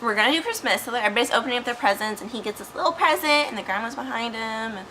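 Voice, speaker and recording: Bright woman rambling through a movie recap. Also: on the high side, animated, rapid-fire, a little hiss or hum, rough recording. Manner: rambling, profane, speculative, heavy use of "like". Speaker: movie reviewer. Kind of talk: casual chat.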